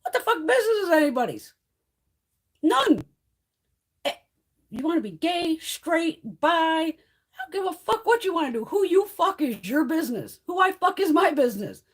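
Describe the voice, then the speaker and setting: A woman's voice: very high voice, big pitch swings, normal speed. A woman hosting a casual livestream chat, ranting heatedly and swearing freely. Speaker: beauty vlogger hosting a livestream.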